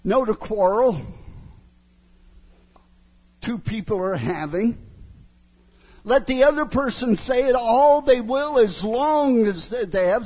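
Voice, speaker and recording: A man's voice: extremely high pitch, a little mellow. A middle-aged male preacher giving a sermon, emphatic, often asking his listeners "huh?". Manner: slow, emphatic, asks the crowd "huh?" often.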